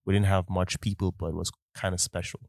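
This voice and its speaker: Man co-host, low voice, dry close mic, relaxed and easygoing, jokes now and then. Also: fast, gravelly, no room sound. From Nigeria. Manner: relaxed, joking, many "like" fillers. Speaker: podcast co-host. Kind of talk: casual conversation.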